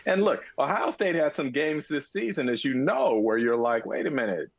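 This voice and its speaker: A man's voice: fairly high pitch, very animated, normal speed, gravelly, no echo, lo-fi sound. A man co-hosting a casual sports talk show, arguing his points emphatically, almost like preaching. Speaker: co-host.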